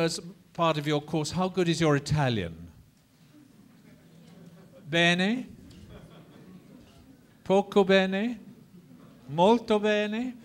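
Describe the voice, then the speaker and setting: Speaking at a medium pitch, a man teaches an opera class with theatrical energy. He sings out example phrases and encourages his students to echo the lines back.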